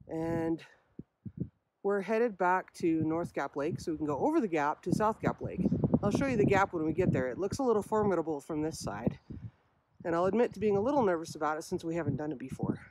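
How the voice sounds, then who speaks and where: Hiking vlogger, man, high voice, admiring scenery, noisy outdoor handheld camera audio. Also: darkish tone. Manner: admiring, exclaiming over scenery. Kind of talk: handheld outdoor vlog narration. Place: outdoors on a high mountain trail.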